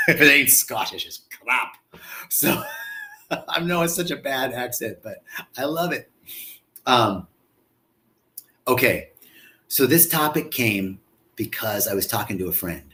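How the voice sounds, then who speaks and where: A man hosting a live stream in a casual, effusive way, greeting viewers by name and often stumbling over and repeating words. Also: on the low side.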